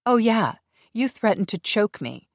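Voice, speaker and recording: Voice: mid-range voice, gravelly, no room sound, clean studio sound, pitched above the performer's own voice, close to an everyday voice. An audiobook narrator voicing a stubborn young human woman who snaps back indignantly. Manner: indignant, quick to snap back.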